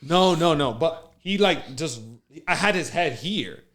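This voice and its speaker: A man co-hosting a casual podcast, telling a story with lively acted-out quotes and frequent laughs. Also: a little high, measured pace. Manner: animated storyteller, acts out quotes, laughs often. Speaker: podcast co-host.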